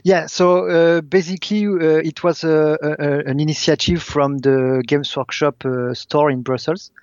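A man's voice: a little high, level tone, measured pace, a little mellow, no room sound. French-accented belgian guy on a podcast, lots of uhs, dry muffled sound. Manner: hesitant, many fillers and restarts while searching for words. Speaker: guest, tournament organizer. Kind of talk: casual podcast interview.

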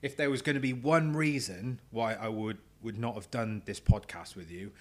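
A man with a rural Herefordshire accent chats on a podcast. He is frank, self-mocking and swears freely while he tells a story in a relaxed, casual way. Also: lowish voice, normal speed. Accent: Herefordshire English. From England. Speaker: podcast guest.

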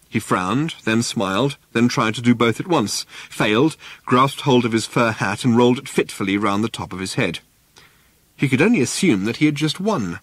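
Brief: male narrator, mid-pitched, measured and wry, lots of melodic movement. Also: lively intonation, fairly bright tone, no room sound. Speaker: audiobook narrator. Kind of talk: scripted narration.

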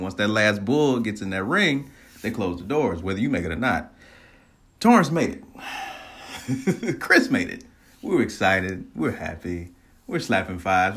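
A man casually telling a personal story, animated, laughing often and swearing freely. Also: fairly low pitch.

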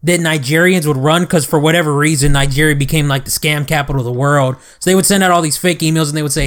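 A man with a slightly high voice hosts a casual chat, explaining things quickly and wryly. He swears casually and keeps a teasing edge as he lays out the details. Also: fairly even intonation, fairly bright tone.

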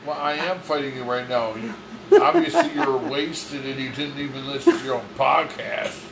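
A man's voice: medium pitch, moderate pace, creaky, a crowd in the background. A man co-hosting a podcast, teasing and bickering with his partner and swearing now and then. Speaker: podcast co-host. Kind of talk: casual argumentative chat. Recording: echoey room with humming air conditioner.

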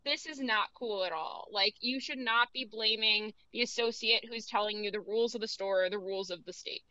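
A woman's voice: medium pitch, fairly quick, pushed and bright, no room sound, muffled recording. A young woman co-hosting a college radio show, chatting casually with lots of "like" fillers. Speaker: radio co-host.

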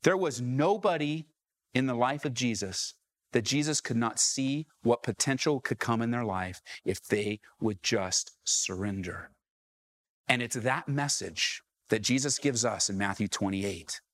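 With a medium-pitched, fairly bright voice and a slightly slow pace, a Southern California man preaches a sermon to his congregation. The pastor builds to rising calls, throwing questions out to the room and hammering his points home.

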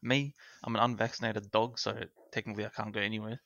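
A man's voice: on the low side, flat delivery, fast, vocal fry, fairly bright tone, no echo. A young man, chatting bluntly and casually as a podcast co-host. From Australia. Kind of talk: casual chat. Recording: dull dry sound.

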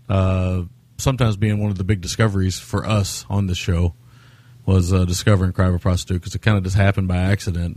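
A man's voice: on the low side, a little mellow, no room sound. A man co-hosting a podcast, rambling through casual film talk with lots of fillers and frequent laughs. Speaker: podcast co-host.

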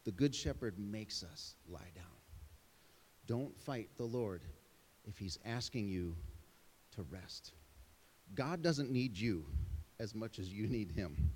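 A man's voice: fairly low pitch, animated, slow pace, pauses often, darkish tone, husky, big-room sound. A middle-aged man preaching a sermon as pastor, telling stories with self-deprecating asides.

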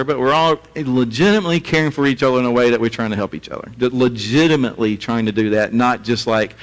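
A male pastor preaching a sermon in a relaxed, conversational way, with chuckling asides. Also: mid-range voice, in a large hall, poor audio.

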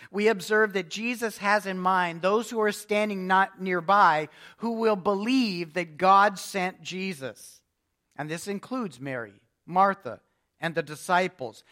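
A man's voice: on the high side, a bit bright. A man preaching an expository sermon, reading scripture aloud with emphasis and explaining it verse by verse. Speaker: pastor.

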